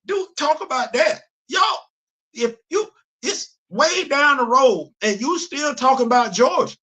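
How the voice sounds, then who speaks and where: High, bright-voiced teasing man. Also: unhurried. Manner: animated, teasing, emphatic. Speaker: host. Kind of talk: comedic live-stream commentary.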